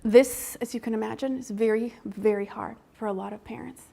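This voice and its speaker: A woman's voice: a little high, steady tone, brisk, vocal fry. A woman researcher giving a seminar talk in a conversational manner, often checking in with the audience with tag questions. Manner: acts out parents' lines in a soft whisper.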